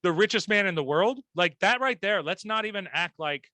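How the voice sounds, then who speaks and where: A man with a high, bright voice talks loosely on a podcast. He is animated and blunt, swearing often and laughing. The sound is close and dry. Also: normal speed, no echo. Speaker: podcast co-host. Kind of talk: casual chat.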